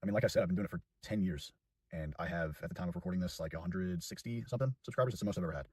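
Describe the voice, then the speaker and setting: Husky nineteen-year-old guy rambling. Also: low-pitched, racing, darkish tone, no echo, far from the mic. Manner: rambling, self-deprecating, lots of fillers. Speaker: YouTuber. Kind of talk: casual vlog chat.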